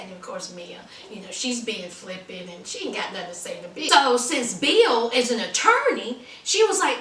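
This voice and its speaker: A woman chatting through a lively, sassy recap of a TV episode, full of asides to the viewer. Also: on the high side, moderate pace, few pauses, roomy sound, far from the mic. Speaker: TV episode reviewer.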